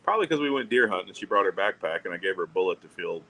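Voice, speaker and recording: A man's voice: low-pitched, sing-song, very fast, bright, forceful tone, poor audio. A middle-aged man hosting a casual chat, telling profane, wry anecdotes and acting out the other people's lines. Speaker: podcast co-host.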